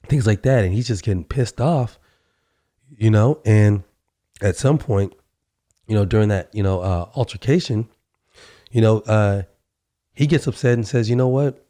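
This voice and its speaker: A man's voice: on the low side, dark tone, dry recording. A man hosting a podcast, telling a workplace story in a casual, conversational monologue, acting out both sides of the dialogue and often saying "you know". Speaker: podcast host.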